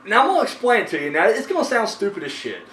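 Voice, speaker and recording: A man hosts a horror movie review show, rambling casually with plenty of fillers and profanity. His voice sits fairly high. He is caught at a distance in an echoey room under faint noise. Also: wildly swooping pitch, racing, a bit bright. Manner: rambling, swears freely, frequent fillers. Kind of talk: casual chat.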